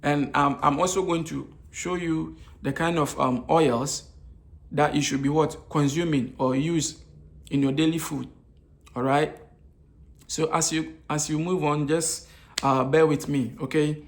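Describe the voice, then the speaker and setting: A man's voice: a little high, steady tone, measured pace, vocal fry. A man giving an informal talk on nutrition. He keeps asking rhetorical questions and answering them himself, and he repeats his key points. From Africa. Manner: repeats key phrases, many hesitation fillers. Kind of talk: informal health lecture.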